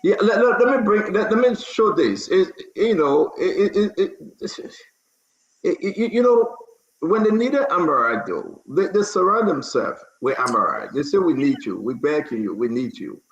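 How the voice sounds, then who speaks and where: A man's voice: high voice, animated, moderate pace, roomy sound, muffled recording. A man hosting a heated political talk stream, emphatic, often repeating words as he starts. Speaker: talk show host.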